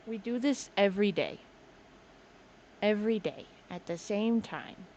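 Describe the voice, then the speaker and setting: A woman's voice: medium pitch, expressive, measured pace, darkish tone. Female streamer, casual and playful, doting tone with her pet, desk mic, faint noise floor. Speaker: game streamer. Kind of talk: casual live-stream chat. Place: home desk indoors. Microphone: desk microphone.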